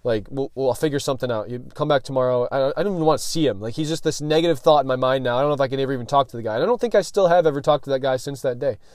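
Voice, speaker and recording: A man's voice: mid-range voice, rapid-fire, few pauses, a little mellow, dry recording. A young man hosting a podcast, telling a personal story in a loose, slangy way, full of "like" and "dude", and swearing freely. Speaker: podcast host.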